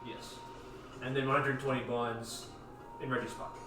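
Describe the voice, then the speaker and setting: A man game master in a tabletop game session, quoting prices in a brisk matter-of-fact way. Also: medium pitch, level tone, reverberant, far from the mic, over music.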